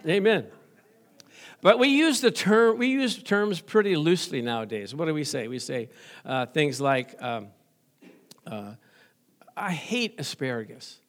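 Middle-aged male pastor, high voice, folksy, jokey sermon delivery with amen call-outs. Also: measured pace, long pauses. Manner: folksy, joking, asks the congregation for amens.

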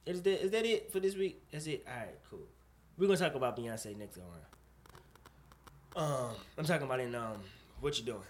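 A man co-hosting a casual chat show, talking in an animated, profane way and pressing his point with rising emphasis. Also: medium pitch, brisk. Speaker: podcast co-host.

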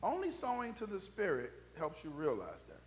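Preaching a conversational, folksy sermon in church, a male pastor trades quips and amens with his congregation. His fairly high voice swoops wildly in pitch at a moderate pace, and he jokes and gets louder when telling funny stories. There is a little hiss or hum.

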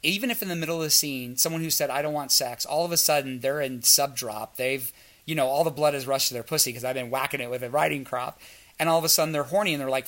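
Man, casual storyteller, bright tone, plays out each quoted line. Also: mid-range voice, fast talker. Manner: storytelling, acts out quoted dialogue. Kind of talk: frank casual chat.

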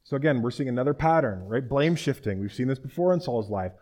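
Chatty preacher retelling scripture. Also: male voice, mid-range voice, lively intonation, fast, darkish tone. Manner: chatty, asks listeners rhetorical questions. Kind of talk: conversational sermon retelling scripture.

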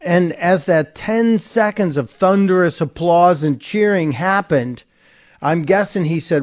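A man's voice: sits high, measured pace, a little mellow. A man hosting a talk radio show, giving sarcastic, opinionated commentary in a conversational way. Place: radio studio.

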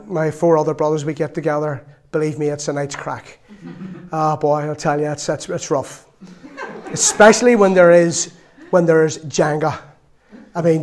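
A man's voice: a little high, darkish tone. A man preaching a sermon in a chatty storytelling way, with laughs and asides.

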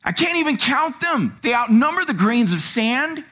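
A man preaching a sermon in a church, animated and acting out quotes. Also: normal speed. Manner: animated, acts out quotes with sudden pitch jumps. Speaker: pastor.

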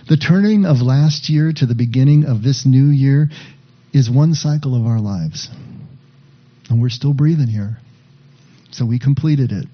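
A man preaching a sermon as pastor, measured and reflective, leaning on emphatic repetitions. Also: mid-range voice, creaky, slightly rough, lo-fi sound.

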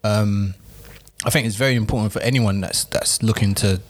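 Low-voiced man giving podcast opinions. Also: steady tone. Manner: thoughtful, measured opinions. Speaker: podcast co-host. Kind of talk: casual podcast chat.

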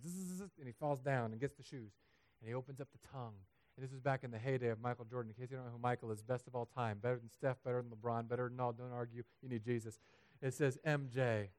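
A man preaching a sermon as pastor, animated and humorous, building to loud, emphatic peaks. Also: medium pitch. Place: church sanctuary.

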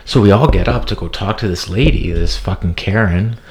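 A man's voice: low voice, fairly quick, darkish tone. A man in his thirties telling a long, rambling, profane story as a podcast co-host. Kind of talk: casual storytelling chat.

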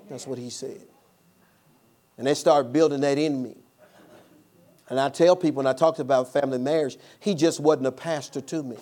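A man's voice: medium pitch, fairly even intonation, normal speed, long pauses, mellow. A man preaching a sermon as pastor, telling a personal story with call-and-response.

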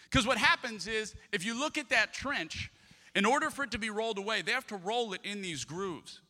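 Animated pastor in a reverberant church hall. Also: male voice, sits high. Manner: animated, jokey storytelling with sudden loud peaks. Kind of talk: sermon. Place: church auditorium.

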